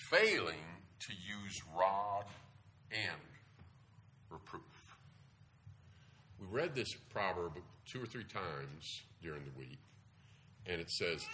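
A middle-aged man preaching a sermon, telling stories in an animated way with sudden loud bursts. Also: lowish voice, a little hiss or hum. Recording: echoey room.

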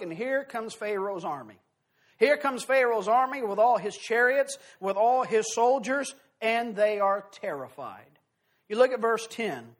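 High-voiced man preaching a sermon. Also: fairly bright tone. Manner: earnest, emphatic, slows and swells on key phrases. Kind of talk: sermon with scripture reading.

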